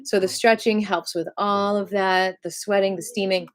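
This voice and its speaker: A woman leads a live-streamed qigong class in a relaxed, talkative manner. She fills her explanations with "like" and "so" and speaks to her viewers in a mid-range voice. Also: mid-range voice, normal speed. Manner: chatty and loose, leans on "like" and "so"; friendly, invites viewers to comment. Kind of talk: casual live-stream teaching.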